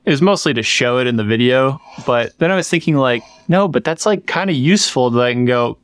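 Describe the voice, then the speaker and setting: A man's voice: medium pitch, lively intonation, fairly quick, clean tone. A man co-hosting a podcast in casual chat, rambling with lots of fillers and restarts. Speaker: podcast co-host. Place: workshop.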